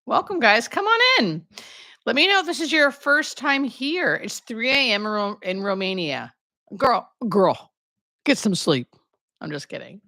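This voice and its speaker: A woman in her thirties chats on a livestream from home, welcoming viewers one by one and joking at her own expense. Her voice is clear and bright, at a middle pitch for a woman. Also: lively intonation, unhurried. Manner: chatty, greets viewers by name, self-deprecating asides. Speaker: hospice nurse and livestream host. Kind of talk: casual live Q&A chat.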